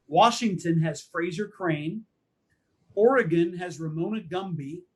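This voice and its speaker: Husky, high-voiced man co-hosting a podcast. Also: unhurried. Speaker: podcast co-host. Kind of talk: casual chat.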